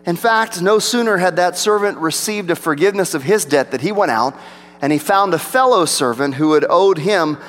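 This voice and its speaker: A pastor preaching a sermon, rising for emphasis and dropping to a low hush. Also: male voice, expressive, moderate pace. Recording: long reverb of a large hall.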